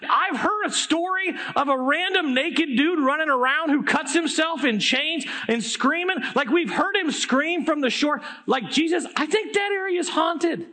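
A man voicing a group of panicked male disciples, pleading and frantic with a rising pitch. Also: animated, measured pace, hardly any pauses, sharp tone, exaggerated voice.

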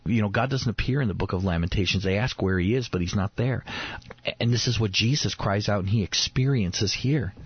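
A man's voice: on the low side, brisk, breathy edge. A man in his thirties hosting a devotional radio talk, earnest, often repeating words as he builds a point. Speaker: radio host. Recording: dull lo-fi radio recording.

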